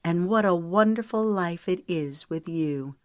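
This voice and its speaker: A warm, giggly young woman in a romance audiobook, read by a woman. Her speech is bright and laughing over a low voice, set close and dry. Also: measured pace, dry recording, lightly acted. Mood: loving.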